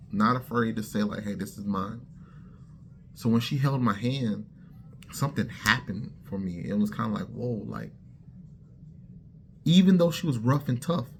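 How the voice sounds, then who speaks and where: A man sharing his personal faith testimony as a lively story, talking straight to his listeners and acting out the lines of the people in it. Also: fairly low pitch, creaky, slight background noise. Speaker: testimony speaker.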